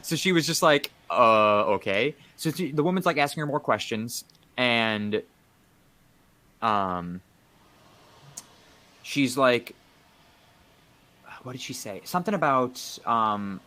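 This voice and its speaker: Young male podcast co-host, bright voice at mid pitch, rambling casual storyteller. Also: lively intonation, slow, pauses often. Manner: rambling, laughs at own story, lots of filler "like".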